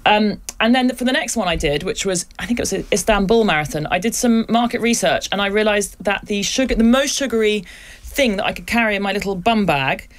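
A middle-aged woman, chatting quickly as a guest on a talk show. She tells her stories with lively, animated energy. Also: mid-range voice. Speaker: guest, writer and podcaster. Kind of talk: casual panel chat.

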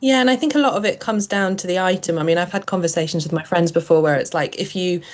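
A woman, a journalist, explaining her reporting in a measured radio discussion with frequent ums. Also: on the low side. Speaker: journalist guest.

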